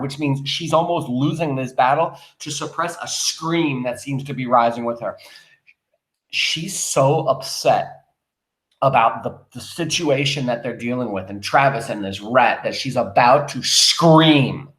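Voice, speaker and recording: A male teacher reading a play aloud and explaining it to his students, in an animated way, speaking straight to the class. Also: medium pitch, measured pace, echoey room.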